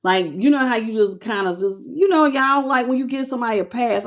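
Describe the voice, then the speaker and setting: Her voice sits a little high and moves a little fast as this woman does a casual tarot reading on camera. Talking directly to viewers in loose slang, she sounds moved by what she reads.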